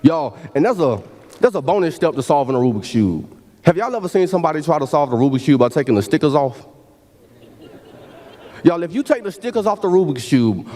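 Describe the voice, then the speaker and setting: Guy in his 30s, hyped keynote speech, preachy call and response, kinda high voice. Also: a little mellow. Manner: preacherly, repeats "y'all" often, call-and-response. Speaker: keynote speaker. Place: large hall at a university ceremony.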